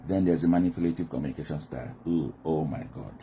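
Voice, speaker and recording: A Nigerian man's rumbling low voice, gravelly yet warm, moves at a quick pace as he muses on communication styles, regularly voicing the people he quotes. He's a commentator, and slight background noise is present.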